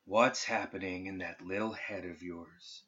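A man voicing a creepy male doctor who speaks softly and coaxingly to a patient, in a storybook reading. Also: lowish voice, expressive, normal speed. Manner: soft, coaxing, hushed. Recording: dull lo-fi recording.

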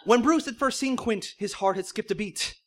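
A man's voice: high voice, moderate pace, a bit bright. A man reading silly fan fiction aloud in mock-serious narration, often breaking into laughter. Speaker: comedic reader.

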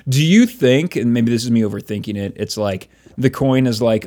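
A man co-hosting a casual chat, talking loosely with lots of filler words and quick laughs. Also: medium pitch, darkish tone. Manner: laughs often, many fillers and restarts. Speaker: podcast co-host.

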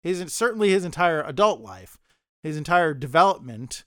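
Man, high voice, smooth and clear, dry close recording, rambling podcast chat. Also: big pitch swings, normal speed, fairly bright tone, no echo. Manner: rambling, frequent stammered restarts. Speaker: podcast co-host. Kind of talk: casual podcast discussion.

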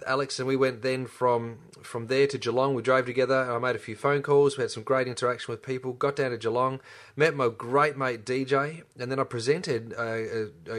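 A man's voice: medium pitch, a bit bright. An enthusiastic middle-aged man, a chiropractor talking casually as podcast co-host, with lots of restarts. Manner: enthusiastic, chatty, many restarts. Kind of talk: casual chat.

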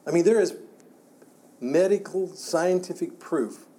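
Mellow-voiced man teaching Bible class. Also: high-pitched, a little slow. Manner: conversational, repeats words and restarts often. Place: church classroom.

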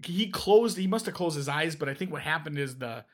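A man hosting a casual podcast, telling stories in a rambling, animated way, with frequent restarts, into a podcast microphone. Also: fairly high pitch, a little fast. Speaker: podcast host. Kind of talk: casual chat.

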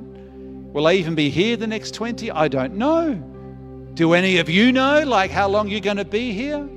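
A man's voice: a little high, in a large hall. A man in his fifties, a pastor preaching a sermon, earnest and repeating phrases for emphasis. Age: 50s.

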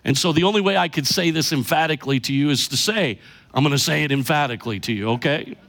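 Pastor, middle-aged man, high-pitched, emphatic sermon delivery. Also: vocal fry, fairly bright tone. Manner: emphatic preaching, slows down for key lines.

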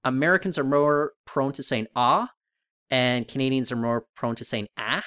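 Male co-host, mid pitch, chatty and rambling, dry close sound. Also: fairly even intonation, brisk, fairly bright tone, smooth, dry recording. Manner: rambling, thinking aloud with many restarts. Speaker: podcast co-host. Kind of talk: casual podcast chat.

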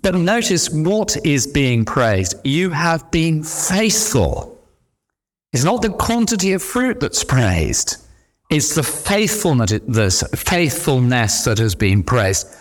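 A man's voice: mid-range voice, very animated, takes it slowly. A middle-aged man preaching a sermon, emphatic, with repeated refrains. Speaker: pastor.

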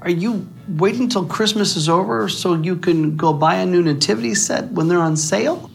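A man's voice: high voice, normal speed, gravelly, soft background music. A man acting as a puzzled, insistent friend in a comedy sketch, firing off questions.

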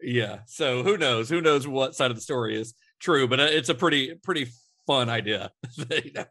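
In a clean studio recording without echo, a man with a medium-pitched voice talks at normal speed as a podcast co-host. His casual film-trivia conversation rambles in a relaxed way, peppered with fillers and restarts.

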